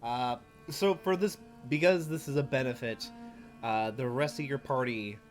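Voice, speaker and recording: A man's voice: medium pitch, moderate pace, faint music behind. A man running a tabletop role-playing game as game master, narrating and joking with swearing and frequent laughter. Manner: animated, swearing, laughing often.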